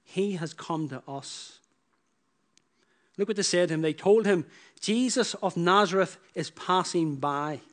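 Emphatic preacher, higher voice. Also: male voice. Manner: swings from loud emphatic bursts to hushed low lines, repeats phrases. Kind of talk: sermon.

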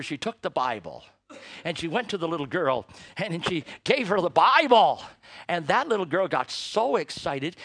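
An older man preaching a sermon, telling an emotional story and building to loud, forceful emphasis. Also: high-pitched, breathy edge, no room sound. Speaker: missionary preacher.

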